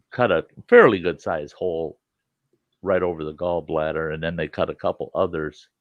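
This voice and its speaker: This low-pitched man hosts a livestream, and there's slight background noise under his voice. In casual chat he spins rambling, salty anecdotes, acting out the people in them with lively quoted voices, all over dull lo-fi stream audio.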